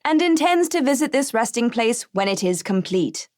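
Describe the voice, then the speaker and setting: A woman reading an audiobook aloud in clear, even scripted narration. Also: a little high, normal speed, no echo, studio quality.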